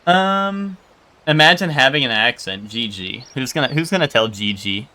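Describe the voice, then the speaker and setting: A man's voice: mid-range voice, lively intonation, normal speed, sharp tone. A young man from New Jersey chatting casually while streaming a video game, rambling with lots of fillers and restarts. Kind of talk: casual live-stream chat over gameplay. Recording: game music behind voice.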